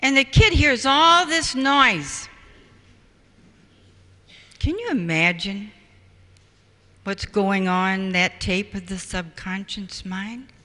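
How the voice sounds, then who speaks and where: A man's voice: sits high, lively intonation, slow pace, pauses often, sharp tone. A man giving a public talk on parenting. He tells stories animatedly and acts out the quotes. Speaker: parenting speaker. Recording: echoey hall from far off, faint noise.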